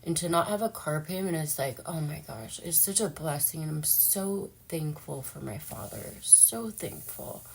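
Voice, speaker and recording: A woman's voice: sits low, normal speed, vocal fry, few pauses, darkish tone, slight background noise. A young woman talking casually and emotionally in a personal vlog, chatty and full of fillers. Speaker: vlogger.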